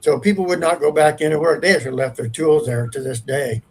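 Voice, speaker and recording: A man's voice: a little high, fairly even intonation, quick pace, slightly rough, low-quality recording. A man, a paranormal investigator, telling a long ghost story in a rambling, earnest, casual way.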